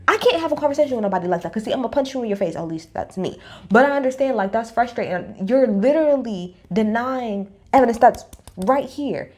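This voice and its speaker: A woman recapping a reality TV episode in a blunt, profane, animated storytelling style. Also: fairly high pitch, fast talker. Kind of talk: casual opinionated recap.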